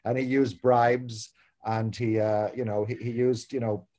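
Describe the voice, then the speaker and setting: A mid-pitched man from Ireland with an Irish American accent, moderating a theatre talkback over a video call. He stumbles and repeats words as he spins a long anecdote. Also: little pitch movement, measured pace, darkish tone. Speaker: producing director, moderator.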